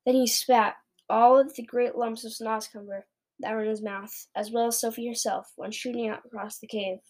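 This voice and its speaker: A woman reads a children's storybook aloud, steady and plain. Her voice sits fairly high. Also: moderate pace, low-quality recording. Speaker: reader.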